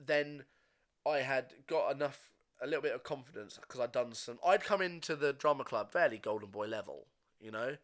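A man's voice: medium pitch, normal speed. A young man, a podcast co-host, chatting casually and telling stories with frequent laughs. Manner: chatty storyteller, laughs often. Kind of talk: casual chat.

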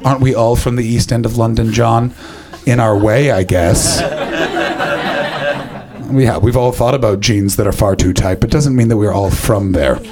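A man's voice: mid-range voice, normal speed, crowd noise. A man in his thirties doing a stand-up set at a comedy venue, rambling through anecdotes and laughing at his own jokes. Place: comedy venue with live audience.

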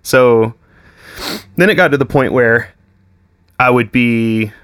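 A man's voice: medium pitch, slow pace, fairly bright tone, smooth, dry recording, clean studio sound. A young man, chatting casually as a podcast guest, full of swearing, "like" and "dude". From Texas. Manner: swears constantly, says "like" and "dude" a lot. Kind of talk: casual chat.

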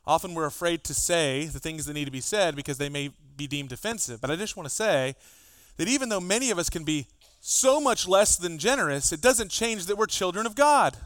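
A man, a pastor, preaching a sermon, animated and acting out exchanges with his children. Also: on the high side, brisk, dry recording, clean studio sound. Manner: animated, acts out dialogue with his kids.

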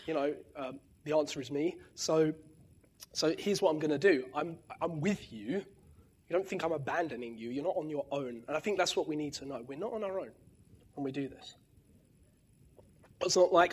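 A man preaching a conversational sermon, often checking in with "right?" and restarting his words, with lively bursts of emphasis. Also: fairly high pitch, normal speed, pauses often, breathy edge.

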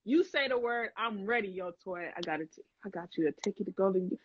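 A woman's voice: medium pitch, lively intonation, a little fast, slight background noise. A young woman hosting a livestream, chatting casually and animatedly with viewers in slangy talk, laughing often. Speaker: livestream host. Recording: dull lo-fi dry sound.

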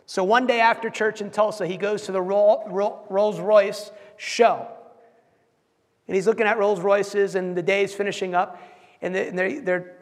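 A man preaching a sermon, telling stories and acting out quotes with animated delivery, often repeating words as he goes. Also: high voice, vocal fry. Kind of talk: sermon storytelling. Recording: long hall reverb.

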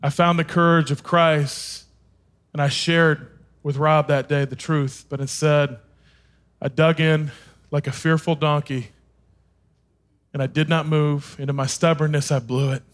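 A man with a notably high voice preaches from a stage. He tells his own story with animated, self-deprecating humor and pokes fun at himself as he goes. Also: measured pace, pauses often. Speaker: speaker. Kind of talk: sermon with personal storytelling.

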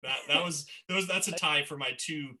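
A man with a very bright, ringing voice tells stories on a casual podcast. He is animated, swears freely and laughs through his own stories. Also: fairly high pitch, brisk. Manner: animated storyteller, swears often, laughs while telling stories. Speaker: podcast co-host. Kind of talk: casual chat.

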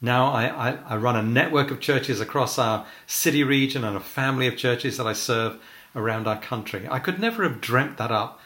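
A middle-aged man and church leader giving a personal testimony sermon, earnest and measured, slowing down to stress key phrases. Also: medium pitch, pushed and bright. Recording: roomy echo.

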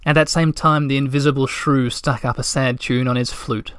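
A man reading a children's storybook aloud in a gentle, measured way. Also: medium pitch, steady tone, clean tone, dry recording, clean studio sound. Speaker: narrator.

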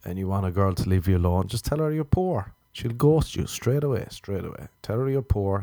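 A man's voice: on the low side, lively intonation, a little fast, dark tone, no echo. Guy in his 30s doing a comedy rant, voice jumps all over, dry close sound. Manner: ranting, self-mocking, acts out his own inner voice. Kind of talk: comic monologue.

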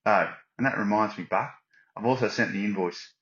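A surf writer sending a voice message, talking in a put-on Australian accent with tongue-in-cheek boasting. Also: male voice, lowish voice, brisk, a bit bright. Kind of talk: recorded voice message. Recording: lo-fi voice note.

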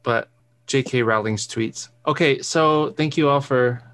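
A podcast host in casual conversation, making dry, wry jokes and steering the talk toward the end of the episode. The voice sits in a middle pitch range. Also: unhurried, a bit bright. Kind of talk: casual chat.

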